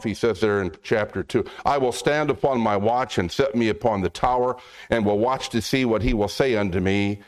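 A man preaching a sermon, reading scripture slowly and acting out biblical dialogue in a conversational way. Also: on the low side. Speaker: pastor.

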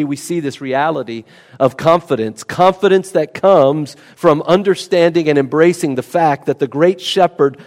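A man's voice: medium pitch, a little mellow. A man preaching an expository sermon, emphatic and teaching, often repeating key words for weight. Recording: long hall reverb.

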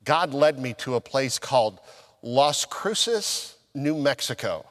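A male pastor preaching a sermon, telling a personal story and acting out his own past conversations, with swings from loud emphasis down to near-whispers. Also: medium pitch, lively intonation, a little slow, big-room sound.

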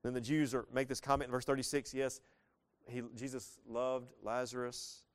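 A man in his thirties preaches through a passage in an easy, conversational way. His voice is smooth and resonant, sitting at an ordinary middle pitch. He talks casually but earnestly, rising into sudden bursts of emphasis. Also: level tone, normal speed. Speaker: pastor. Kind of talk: conversational verse-by-verse sermon.

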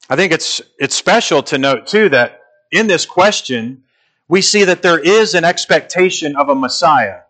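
A man preaching an expository sermon, emphatic and slowing down to stress key phrases. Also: fairly high pitch, animated, a bit bright.

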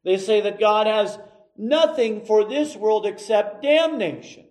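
Emphatic man preaching slowly. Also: high-pitched, animated, darkish tone, poor audio. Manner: emphatic, measured preaching with dramatic pauses. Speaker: pastor. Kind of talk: sermon.

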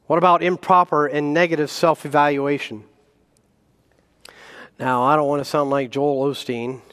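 Guest preacher, male, slightly high-pitched, animated delivery with self-mocking humor, church hall reverb. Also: moderate pace, smooth. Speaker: guest pastor. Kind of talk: sermon. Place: church sanctuary.

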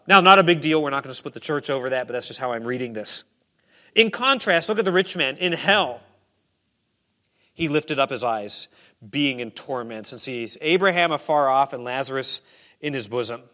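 A man preaching a sermon in a conversational way, dropping to quiet asides and rising to loud emphasis. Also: mid-range voice. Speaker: pastor.

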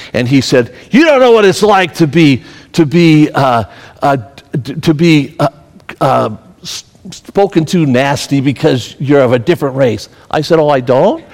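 Pastor, male, mid-pitched, preaching in a church hall with long reverb, storytelling turning emphatic. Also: a little mellow. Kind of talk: sermon.

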